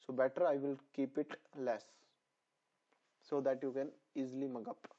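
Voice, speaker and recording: A man teaching a pediatrics lesson, repeating terms over and over for memorization, his voice a little hoarse. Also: mid-range voice, flat delivery, moderate pace, mellow. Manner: repetitive, drilling terms for memorization. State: voice slightly hoarse. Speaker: nursing exam tutor. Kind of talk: online lecture. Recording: dull lo-fi sound.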